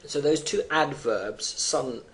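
A man's voice: mid-range voice, slow pace, a bit bright. A man teaching, explaining a poem line by line and thinking aloud with fillers between readings, over faint background noise.

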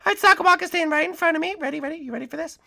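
A man's voice: extremely high pitch, very fast, vocal fry, bright, forceful tone, voice pushed up, full character voice. A man voicing a cheerful, sweet little pink blob creature in a toy game show, chirping eagerly.

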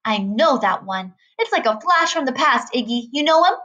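A woman voicing a shrill, excitable, chain-smoking woman who nags in a storybook reading. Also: moderate pace, lo-fi sound. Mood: nagging.

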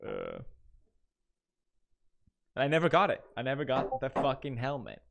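A man's voice: mid-range voice, huge pitch swings, measured pace, vocal fry, long pauses, fairly bright tone. A man livestreamer chatting casually, laughing often and swearing now and then. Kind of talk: casual live-stream chat.

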